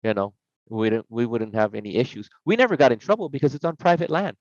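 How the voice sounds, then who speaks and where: A man's voice: medium pitch, quick pace, dry recording. A middle-aged man tells stories casually as a podcast guest, acting out the voices he quotes. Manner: animated, acts out quoted voices. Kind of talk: casual storytelling. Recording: slightly dull, dry podcast sound.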